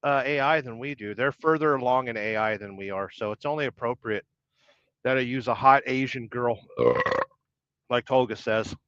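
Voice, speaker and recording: A man's voice: medium pitch, moderate pace, fairly bright tone, smooth, dry recording. A middle-aged man hosting a casual trucker livestream, reading viewer comments with wry, rambling banter. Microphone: podcast-style audio only. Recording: dull lo-fi dry stream audio.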